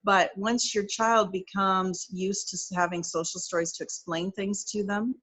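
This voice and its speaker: Middle-aged woman, occupational therapist, conversational, practical, step-by-step examples, mid pitch. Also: fairly even intonation, moderate pace, fairly bright tone. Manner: chatty and practical, working through step-by-step examples with frequent fillers. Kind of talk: conversational explanation in an interview.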